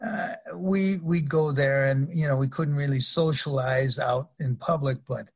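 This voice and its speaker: A man's voice: medium pitch, fairly even intonation, measured pace. An older man, a former wrestler, telling rambling anecdotes in an interview, full of restarts and laughter. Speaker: guest, former pro wrestler. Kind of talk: storytelling interview.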